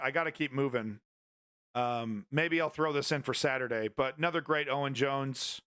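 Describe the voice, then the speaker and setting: A man's voice: mid-range voice, bright, forceful tone, clean tone. A man hosting a casual political commentary stream, blunt and rambling, swearing freely between clips. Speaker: news commentary host.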